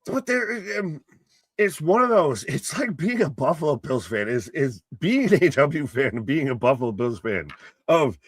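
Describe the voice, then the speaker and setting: A man from the United States with a fairly high-pitched voice, chatting loosely and joking as he swears his way through reactions. His voice is recorded dry and close, with no room sound around it. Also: big pitch swings, normal speed, husky, no room sound. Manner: joking, profane, loose analogies. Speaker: co-host. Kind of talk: casual live reaction chat.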